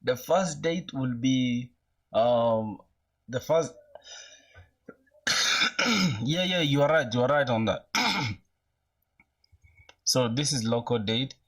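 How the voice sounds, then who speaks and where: A young man in his twenties chatting casually with viewers while coding live, using relaxed slang and thinking aloud, with an occasional cough. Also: mid-range voice, slow, long pauses. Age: young adult. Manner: laid-back slangy, greets chat, thinks aloud. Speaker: programming streamer.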